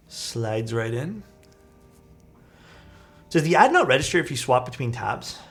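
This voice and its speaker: A man's voice: medium pitch, huge pitch swings, measured pace, gravelly, long pauses. Laid-back young man streaming. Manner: laid-back, chatty, reads chat aloud, self-deprecating. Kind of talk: casual live-stream chat while building a keyboard.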